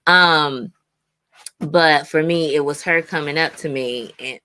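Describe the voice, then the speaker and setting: Slow-talking woman, emotional reflection. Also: low-pitched, sharp tone. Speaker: pastor's wife and co-host. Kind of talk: reflective conversational chat.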